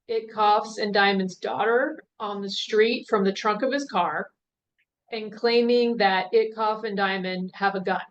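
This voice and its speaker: Chatty woman presenting a legal case. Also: mid-range voice. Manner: conversational, chatty asides. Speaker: legal webinar panelist. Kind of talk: presenting case law in a webinar. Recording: dull webinar audio with faint hiss.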